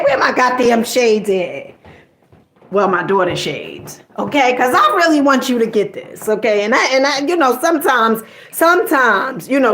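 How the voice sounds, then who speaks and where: A woman's voice: medium pitch, a bit bright. A middle-aged woman from New Jersey telling a personal story in a casual, colloquial way, tossing in "okay?" and mild swearing.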